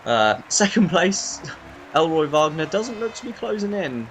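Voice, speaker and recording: A young man commentating a racing game in a lively, chatty way, often stumbling over driver names. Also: on the high side, unhurried, slight background noise. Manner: animated, self-deprecating, stumbles over names. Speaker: race commentator.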